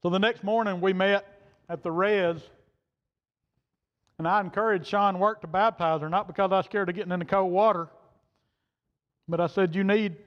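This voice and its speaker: A preacher man with a fairly high voice, telling a folksy story from the pulpit in plain words. His voice rings through a church hall with a long echo, and the sound is dull and muffled. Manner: folksy, plain-spoken, quoting others in turn. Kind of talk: sermon storytelling. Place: church sanctuary.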